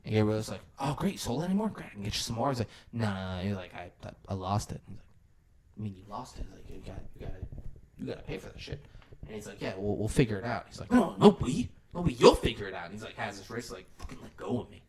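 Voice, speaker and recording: A man with a lowish voice talks fast over a crowd in the background. He co-hosts a podcast, casually recapping a film's scenes and acting out the characters' lines with plenty of swearing.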